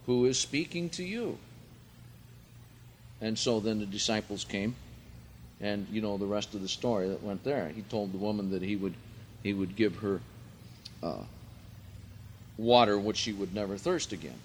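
A man preaching a sermon, reading scripture aloud and explaining Greek words, rising in pitch and volume for emphasis. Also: unhurried, long pauses, slight background noise.

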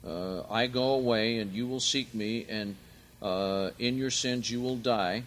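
A man leading a verse-by-verse Bible study, speaking deliberately and swelling loud and emphatic when he quotes scripture. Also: lowish voice, a little hiss or hum. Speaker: Bible teacher.

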